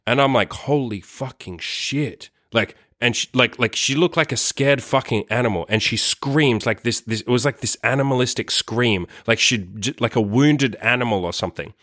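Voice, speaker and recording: A man's voice: mid-range voice, moderate pace, few pauses, a bit bright, no echo, studio quality. A man vlogging a story in a casual, rambling way, swearing often and filling his talk with "like". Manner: rambling, profane, heavy use of "like".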